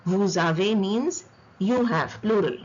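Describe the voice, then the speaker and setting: Slow, husky-voiced woman teaching French. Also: medium pitch, a little mellow. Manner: patient, repeats words for drill. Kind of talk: slow recorded lesson. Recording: dull lo-fi recording.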